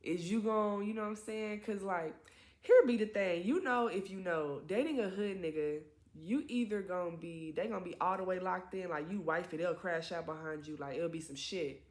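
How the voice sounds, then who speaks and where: Young woman spilling a messy storytime, kinda low voice, cusses a lot, gets loud and high when she quotes ppl. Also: moderate pace, reverberant. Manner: animated, profane, acts out quotes in raised voices. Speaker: vlogger. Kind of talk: casual storytime.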